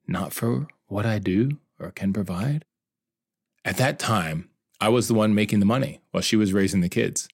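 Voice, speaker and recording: Deep, gravelly man telling his story. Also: normal speed, no echo, clean studio sound. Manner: earnest, confessional. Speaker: narrator of his own story. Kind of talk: emotional personal narration.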